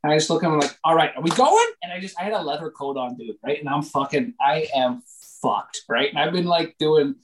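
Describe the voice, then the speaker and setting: A young man, a comedian from Canada, telling a story in casual podcast chat, animated and full of swearing and fillers. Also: a little high, fairly quick, poor audio.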